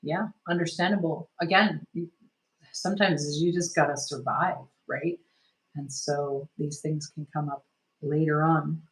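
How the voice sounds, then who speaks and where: Gentle, meandering woman energy healer. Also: low voice, steady tone, a little slow, poor audio. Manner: gentle, soothing, meandering with many "like" and "sort of". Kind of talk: guided healing session.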